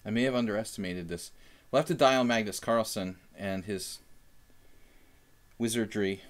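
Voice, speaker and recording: A man's voice: lowish voice, moderate pace. A young man chatting casually while analyzing chess moves on a live stream, thinking aloud with fillers.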